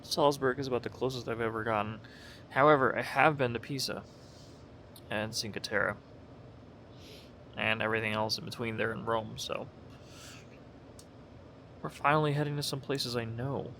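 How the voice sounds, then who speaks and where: A young man drifts through casual commentary over a flight game, often restarting his sentences and sounding like he just woke up. His voice sits at an ordinary middle pitch. A faint hiss runs under the recording. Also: steady tone, moderate pace, pauses often, sharp tone. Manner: rambling, self-correcting, sleepy. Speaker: gaming video creator.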